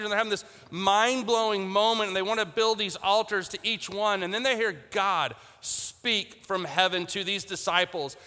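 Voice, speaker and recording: A man's voice: high-pitched, brisk, few pauses, bright, forceful tone, in a large hall. A man preaching a conversational sermon as a pastor, retelling Bible scenes in casual modern speech and repeating phrases for emphasis.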